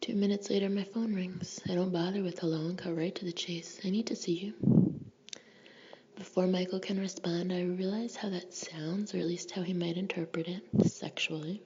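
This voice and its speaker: A woman's voice: on the low side, level tone, fairly quick, few pauses. A woman narrating a first-person novel in a whispered audiobook reading, intimate and wry. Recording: dull lo-fi recording with faint hiss.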